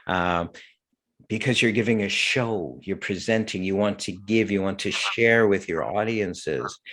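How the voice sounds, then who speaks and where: A man hosting an interview and talking about performing magic, asking earnest questions at a measured pace. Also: on the low side. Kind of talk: conversational interview.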